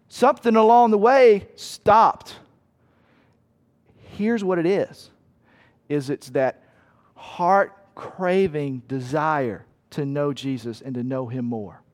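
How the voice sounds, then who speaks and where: A man preaching a sermon as pastor, animated, acting out voices and cries and repeating lines for effect. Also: on the high side, takes it slowly. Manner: animated, acts out voices and cries, rhetorical repetition.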